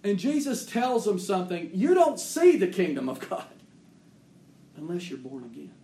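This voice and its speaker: A man preaching a sermon as pastor. He swings between loud, emphatic declarations and hushed, intimate asides. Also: high voice, sing-song, moderate pace, reverberant.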